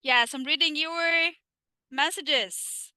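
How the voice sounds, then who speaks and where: Teaching English live over the internet, this woman with an Egyptian accent and native Arabic quizzes her students and answers for them. She slows down for English and speeds through Arabic asides. Expect a high-pitched, bright, forceful voice and a dry recording.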